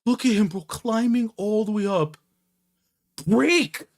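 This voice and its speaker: Excitable young man reacting to manga. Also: high voice, normal speed. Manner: excitable, slangy, swings between shouting and muttering. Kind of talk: animated reaction commentary.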